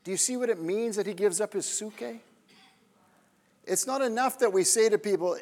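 A man preaching a sermon, pressing his listeners with questions and dropping to hushed tones for emphasis. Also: high-pitched, moderate pace, pauses often. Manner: emphatic, questioning the audience, drops to near-whispers. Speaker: pastor. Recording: long reverb of a large hall.

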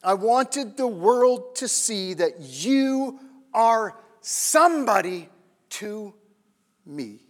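A man delivers a sermon in a hall, his words ringing out in a long reverb. His voice sits high and swings widely in pitch. He keeps questioning his listeners and sinks to a hush to stress a point. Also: expressive, slow. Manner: emphatic, questioning the audience, drops to near-whispers. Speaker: pastor.

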